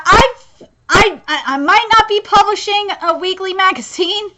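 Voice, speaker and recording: A woman's voice: very high voice, unhurried, heavy background noise. A woman doing a casual live manga reaction, rambling and stammering, interrupting herself and swearing freely.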